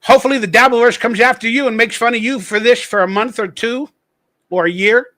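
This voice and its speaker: A man's voice: extremely high pitch, brisk, sharp tone. A man hosting his own podcast, ranting in blunt, profane, mocking commentary. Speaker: podcast host.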